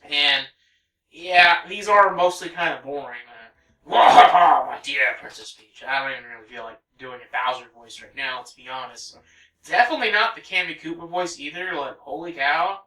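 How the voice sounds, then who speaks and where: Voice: mid-range voice, a little fast, pushed and bright, roomy sound, far from the mic, poor audio. A let's play host in their thirties, chatting casually over gameplay and wandering off on rambling tangents.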